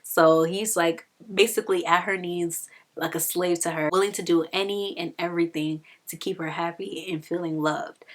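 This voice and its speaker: A woman's voice: fairly low pitch, fairly even intonation, moderate pace, few pauses. A young woman casually reviewing and retelling a novel, chatty and peppered with "like", acting out the characters' lines. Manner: chatty, peppered with "like", acts out quotes. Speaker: book reviewer.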